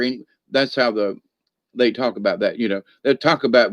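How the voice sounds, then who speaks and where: A man's voice: medium pitch, moderate pace, fairly bright tone, dry recording. A man hosting a rambling spiritual livestream in a folksy, feisty manner, laughing often and greeting viewers by name. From northern United States. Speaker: livestream host reading viewer comments.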